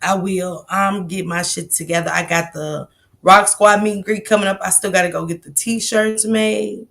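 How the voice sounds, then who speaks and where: A woman hosting a casual livestream, greeting viewers by name in relaxed, slangy banter. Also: mid-range voice, normal speed, creaky. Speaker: livestream host.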